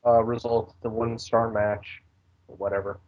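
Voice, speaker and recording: A man's voice: on the low side, level tone, unhurried. Rambling man recapping wrestling, lo-fi sound. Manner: rambling recap with goofy character voices. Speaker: podcast co-host recapping wrestling. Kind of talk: casual podcast chat.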